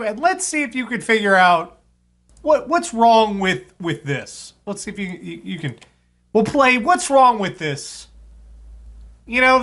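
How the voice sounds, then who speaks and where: A man hosting a live radio show, chatting casually and now and then cooing to his cat. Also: high voice. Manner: chatty, talks to his cat in a soft baby voice.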